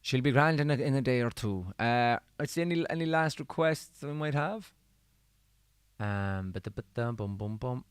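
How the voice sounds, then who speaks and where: This musician's voice is medium-pitched and smooth, at a moderate pace and with no echo in the recording. Chatting casually between songs on his livestream, he reads viewer comments in an easygoing way, sounding slightly worn from singing.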